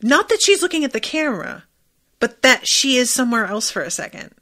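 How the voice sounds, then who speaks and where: A young adult woman hosting a podcast, chatting excitedly about a TV episode, swearing freely and leaning on lots of "like" fillers. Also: high-pitched, a little fast. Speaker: podcast host. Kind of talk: casual commentary on a TV episode.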